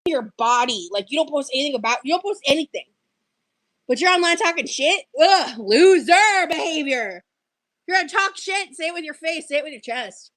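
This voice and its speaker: A woman's voice: sits high, lively intonation, moderate pace, fairly bright tone, dry recording. A woman chatting casually on a livestream, defensive and dismissive toward critics. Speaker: livestreamer in played clips.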